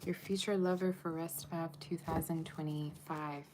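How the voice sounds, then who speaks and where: A woman's voice: sits low, fairly even intonation, moderate pace, background noise. A woman giving a casual tarot reading to camera, chatty and laughing often as she talks to viewers. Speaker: tarot reader.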